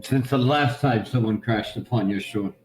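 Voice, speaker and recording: A man's voice: mid-range voice, moderate pace, low-quality recording. A man playing a tabletop game, casual and profane, slipping into in-character speech. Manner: profane, boisterous. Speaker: player.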